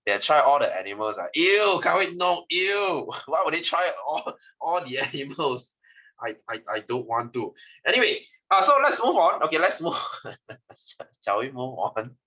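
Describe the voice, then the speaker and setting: A man with a Malaysian English accent gives a joking science lesson, his voice bright and his pitch jumping all over. He teases the class and laughs between points. The recording sounds dull and lo-fi. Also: moderate pace. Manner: animated, teasing, laughs often. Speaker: science tutor.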